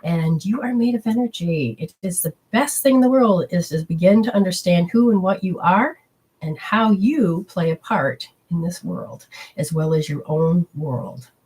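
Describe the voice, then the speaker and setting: A woman spiritual teacher giving a chatty, animated live-streamed talk to viewers, acting out little quotes and swearing casually. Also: fairly low pitch, moderate pace, slightly rough.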